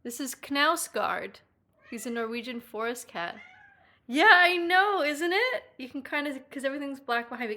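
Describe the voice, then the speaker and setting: A young woman streams live from a house through a headphone mic, chatting playfully with her viewers in a casual live-stream talk. Her sharp-toned voice has lively intonation and a moderate pace, and she breaks into high baby talk with a cat.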